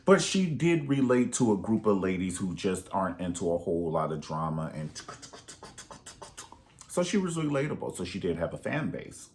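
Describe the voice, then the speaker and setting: A man's voice: sits low, big pitch swings, darkish tone. Sassy man with a swooping voice. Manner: sassy, profane, rambling, quick asides. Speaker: gossip commentator. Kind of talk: unscripted gossip commentary vlog.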